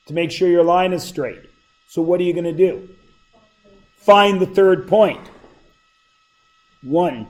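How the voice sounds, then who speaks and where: A man's voice: high voice, warm tone, poor audio. A middle-aged man teaching math to a class, with a sore throat, asking the students question after question. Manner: questioning, prompts students for answers. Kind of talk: classroom lecture.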